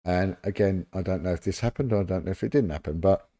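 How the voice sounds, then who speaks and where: Warm-voiced London man telling anecdotes. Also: sits low, fast talker. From London, England. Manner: animated anecdotes, acting out quoted voices. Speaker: former police detective, podcast guest. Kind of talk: casual storytelling interview.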